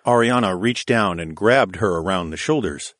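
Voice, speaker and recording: A man narrating a first-person fantasy story in a steady, even storytelling voice. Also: sits low, moderate pace, no echo, clean studio sound. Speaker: audiobook narrator.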